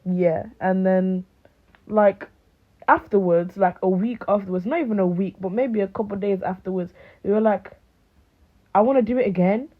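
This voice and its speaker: A chatty British woman in her late teens vlogs casually to camera at medium pitch and normal speed. She's animated and rambling with lots of fillers, and the audio has a thin, phone-like quality.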